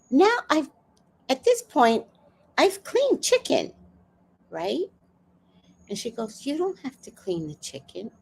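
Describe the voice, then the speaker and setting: A woman's voice: high voice, creaky, a little mellow, breathy edge. A woman in her fifties hosting a livestream, telling a family story in casual chat. She acts out the people she quotes, laughs often and swears freely. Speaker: livestream host.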